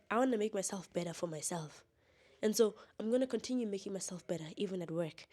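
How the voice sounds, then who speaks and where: A woman's voice: mid-range voice, warm tone. A young woman talking straight to camera in a candid vlog monologue, blunt and defiant, laughing often. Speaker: vlogger.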